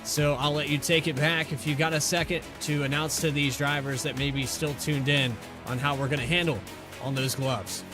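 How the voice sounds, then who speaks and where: A man's voice: on the high side, level tone, moderate pace. A man signing off a sim racing broadcast, speaking in a heartfelt, folksy announcer manner. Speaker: broadcast commentator. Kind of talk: race broadcast sign-off. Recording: music playing behind the voice.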